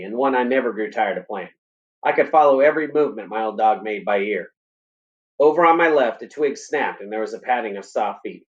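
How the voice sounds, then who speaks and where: A male teacher reading a novel aloud in a steady, plain way, with small stumbles and brief teaching asides. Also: medium pitch, highs cut off.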